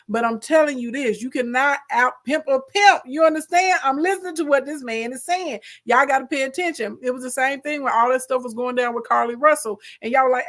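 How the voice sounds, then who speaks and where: A woman's voice: sits high, fairly quick, hardly any pauses. Sassy Southern woman commentator. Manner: animated, sassy, repeats "baby" and "okay". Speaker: commentator reacting to court footage. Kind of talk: casual commentary.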